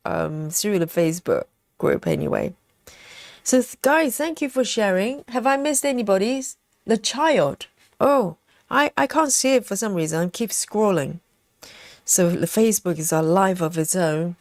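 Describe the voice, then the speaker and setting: A woman hosting a cross-stitch livestream, chatting casually and relaxed, with many fillers, snacking on chocolate as she talks. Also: on the low side, no room sound.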